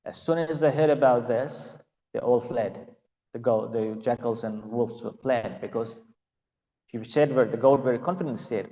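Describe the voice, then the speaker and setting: Man storytelling in a devotional class, halting with fillers, muffled lo-fi sound, echoing hall. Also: mid-range voice, mellow. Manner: hesitant, many fillers. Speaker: class speaker.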